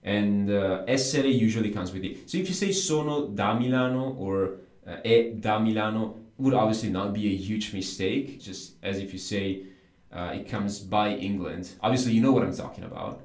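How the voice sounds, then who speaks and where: A man's voice: lowish voice, normal speed, a little mellow, echoey room. A man whose first language is Italian, patiently explaining grammar in a casual language lesson, often adding "right?" and "you know". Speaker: Italian teacher.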